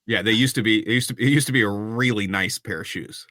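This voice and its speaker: Low bright-voiced man narrating a game. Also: quick pace, dry recording, clean studio sound. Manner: descriptive, with frequent ums and restarts. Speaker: game master.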